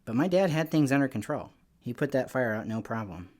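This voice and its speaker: A man giving a lively children's church lesson, telling stories in an animated, playful way with little voices. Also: medium pitch, fairly quick. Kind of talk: lively kids' lesson talk.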